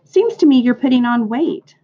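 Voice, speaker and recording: A woman's voice: fairly high pitch, animated, normal speed, voice pushed up. A woman doing a blunt, gloomy old sheep. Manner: matter-of-fact, blunt. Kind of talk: reading a storybook aloud. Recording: dull lo-fi recording.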